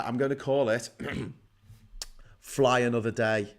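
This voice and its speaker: A man's voice: medium pitch, fairly even intonation, measured pace, a bit bright. A middle-aged man hosting a casual livestream from his desk, rambling, swearing and joking as he reads out viewer comments. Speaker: live show host.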